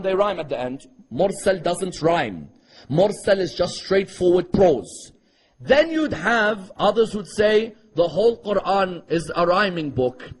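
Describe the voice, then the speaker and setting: A man preaching to a live audience, quizzing them with rhetorical questions and chanting Arabic verses quickly. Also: high voice, poor audio. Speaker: Islamic preacher. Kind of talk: sermon.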